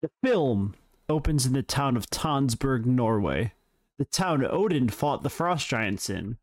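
A man's voice: medium pitch, lively intonation, a little slow. A man co-hosting a podcast, reading prepared facts in casual, joking banter with his co-host. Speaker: podcast co-host presenting trivia.

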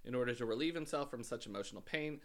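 A man's voice: mid-range voice, racing. A man co-hosting a casual podcast, telling a true-crime story with frequent ums and dry asides. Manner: hesitant, many ums and uhs, dry asides. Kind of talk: casual chat, recounting a case.

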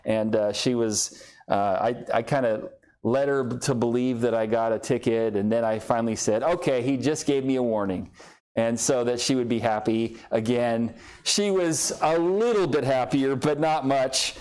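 A man's voice: mid-range voice, unhurried, darkish tone, smooth. A male pastor delivering a sermon, telling a personal story with self-deprecating humor.

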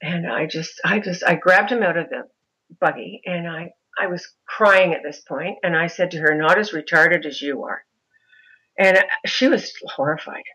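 A middle-aged mother recounts her experiences in an interview, animated and expressive, slipping into other people's voices. Her tone is bright and forceful, sitting a little low for a woman. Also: normal speed, slightly rough, muffled recording. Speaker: mother of a son with a disability. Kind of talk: interview storytelling.

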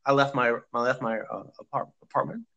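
A man's voice: medium pitch, brisk, vocal fry, bright, forceful tone, dull audio. A man in casual chat, rambling through an anecdote with many restarts.

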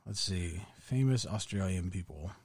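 A man's voice: sits low, lively intonation, moderate pace, slightly rough, dry recording, studio quality. A man hosting a podcast in casual chat, joking and a little unsure as he rambles. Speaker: podcast host.

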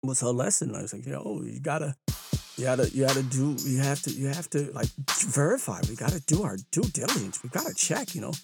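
A man telling stories in a casual monologue, animated and acting out the voices of other people. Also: fairly quick. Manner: animated, mimics bystanders with exaggerated pitch jumps. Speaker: runner and storyteller. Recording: clear hip hop music behind the voice.

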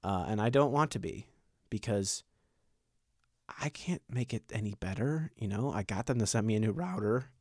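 A man's voice: on the low side, normal speed, a little mellow, no echo, clean studio sound. A man in his thirties doing a stand-up comedy set, rambling and self-deprecating in a conversational way.

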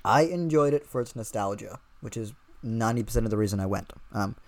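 A man's voice: on the low side, fast talker, dry recording. A young man hosting a podcast in casual chat, teasing his guests in a playful way. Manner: teasing, playful, fillers and restarts. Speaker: podcast host.

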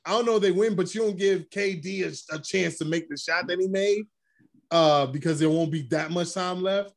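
A man with a somewhat high voice co-hosts a relaxed sports chat. He tells stories with energy and acts out other people's lines as he goes. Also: moderate pace, vocal fry. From Brooklyn. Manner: animated storytelling, acting out quotes. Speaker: podcast co-host.

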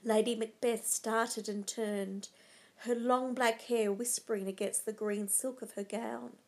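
Slow, dramatic female storyteller. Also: a little high, fairly even intonation, a little mellow. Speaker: narrator. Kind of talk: storybook narration.

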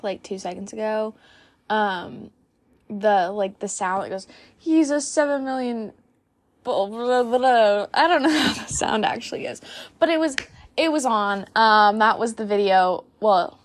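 A young woman hosting her own solo podcast, chatting casually in a hyped-up, giggly, rambling way. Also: mid-range voice. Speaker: podcast host.

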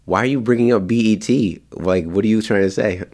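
A man's voice: lowish voice, fast, a little mellow. A man chatting casually as a podcast guest, joking and laughing often. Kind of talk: casual chat.

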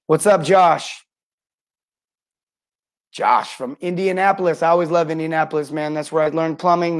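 A middle-aged man hosting a live coaching talk for plumbers, energetic, greeting viewers by name and acting out what customers say. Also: on the high side. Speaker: podcast host and plumbing sales coach.

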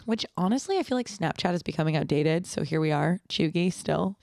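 A young woman co-hosting a podcast, rambling through animated stories with lots of filler words. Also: fairly low pitch, brisk, creaky, no echo, clean studio sound. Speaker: podcast co-host. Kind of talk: casual chat.

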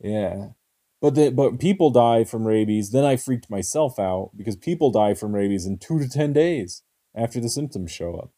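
Young dude with a really dark mellow voice, chill and swears a lot telling stories. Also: male voice, on the low side, animated, moderate pace. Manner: profane, laid-back storytelling. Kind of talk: casual storytelling chat.

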